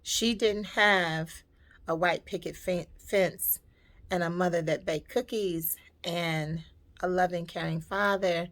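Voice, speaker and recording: A woman's voice: lowish voice, steady tone, slow. Heartfelt woman telling a personal story. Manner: heartfelt, reflective, emotional storytelling. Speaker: vlogger.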